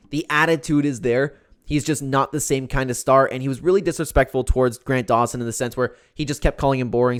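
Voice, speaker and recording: A man giving a casual, opinionated commentary recap as a YouTube MMA commentator, talking freely with lots of fillers. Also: mid-range voice. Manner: chatty, opinionated, filler-heavy.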